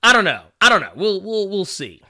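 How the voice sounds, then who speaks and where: Animated man ranting in a bright voice. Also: sits high, fairly quick. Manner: animated, ranting, profane, laughs often. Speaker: livestream host. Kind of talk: casual livestream commentary.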